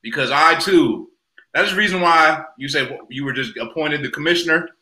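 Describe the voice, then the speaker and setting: Male podcast panelist, boastful and playful, bright tone, roomy sound. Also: on the high side, moderate pace. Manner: boastful, playful, trash-talking. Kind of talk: joking casual chat.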